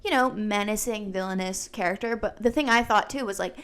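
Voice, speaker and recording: A woman co-hosting a podcast in casual chat, talking with lots of fillers and animated retellings. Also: medium pitch, fairly quick, clear, resonant tone. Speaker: podcast co-host.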